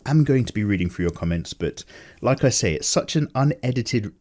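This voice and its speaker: A man's voice: lowish voice, lively intonation, a little fast, a little mellow. A tired man rambling casually and jokily as the host of an unedited chat. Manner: loose, chatty, jokey, many fillers. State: tired, low energy. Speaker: artist and channel host.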